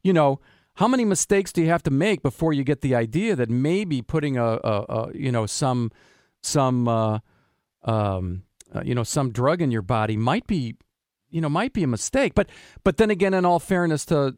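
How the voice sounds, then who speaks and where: A man's voice: mid-range voice, lively intonation, normal speed, darkish tone, dry recording, clean studio sound. A man hosting a radio talk show, rambling with many fillers and restarts as he interviews a guest. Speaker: radio show host and practitioner.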